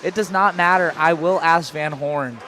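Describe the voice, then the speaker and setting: A man with a high, bright speaking voice calls play-by-play at a local hockey game. He rambles casually between plays, then jumps into calling the shots. A faint hum of ambient noise sits under him. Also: steady tone, moderate pace. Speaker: play-by-play announcer.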